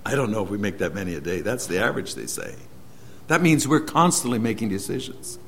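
A man preaching a sermon as an earnest storyteller, moving between loud emphasis and hushed, slowed lines. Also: on the low side, lively intonation, creaky, a little hiss or hum.

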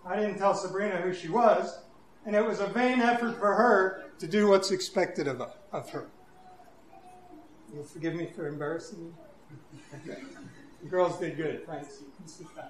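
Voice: medium pitch, normal speed, long pauses, distant mic. Preacher, conversational sermon, playful with kids, roomy echo, faint background hum. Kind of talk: sermon with a children's demonstration. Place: church hall. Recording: echoey hall with faint room noise.

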